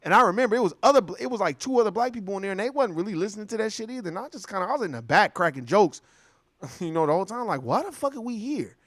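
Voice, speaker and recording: A man's voice: high voice, very fast, dry recording, studio quality. A young adult man telling stories in a casual, profane monologue, acting out other people's voices along the way. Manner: animated storytelling, acts out voices. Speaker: commentator.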